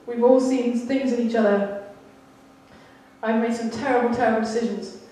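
A woman delivers a sermon full of candid, self-deprecating childhood stories. Her voice sits a little high. It rings through a very echoey hall, picked up from some way off the mic. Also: fairly even intonation, moderate pace, mellow, far from the mic. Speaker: church speaker. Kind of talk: sermon with personal story.

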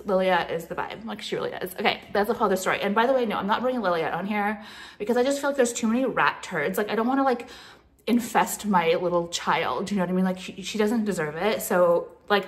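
A woman vlogger ranting casually to the camera, profane and sarcastic, with lots of "like" fillers. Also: mid-range voice. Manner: profane, sarcastic, filler-heavy valley-girl talk. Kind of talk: casual vlog rant to the camera.

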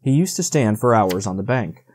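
A man's voice: lowish voice, breathy edge. Man reading a storybook aloud. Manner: measured, steady narration. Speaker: audiobook narrator. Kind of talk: audiobook reading.

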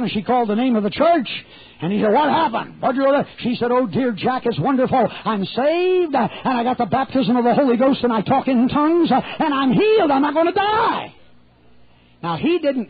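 A man's voice: very high-pitched, no room sound. A man preaching a sermon, telling a folksy, humorous story and acting out the voices of its people. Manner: folksy, humorous anecdotes with animated quoted voices. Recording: tinny phone-like, dry, husky.

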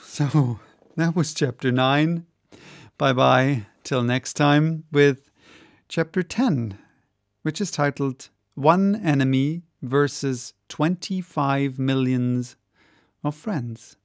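A man narrating a classic novel as an audiobook in a steady, measured reading. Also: mid-range voice. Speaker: audiobook reader.

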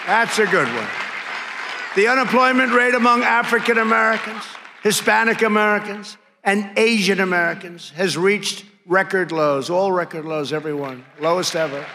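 A man in his 70s, high-voiced and speaking at normal speed, delivers a political rally speech from a podium microphone to a crowd in a large conference hall. He brags and mocks, repeating his punchlines and tossing out nicknames, with hall reverb and crowd and room noise in the recording.

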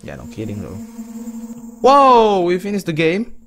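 A young man giving rambling let's-play commentary, yelling at the characters on screen. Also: sits high, huge pitch swings, unhurried, gravelly, a little hiss or hum. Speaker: gaming commentator.

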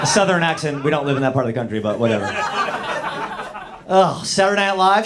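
A man performing stand-up in a bar's back room, his voice sitting a little high and swinging up and down with plenty of life. He rambles through small-town stories and keeps turning to the crowd. Laughter from a live audience rolls in around him. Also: sing-song, a little fast, heavy background noise. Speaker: stand-up comedian. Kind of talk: stand-up comedy.

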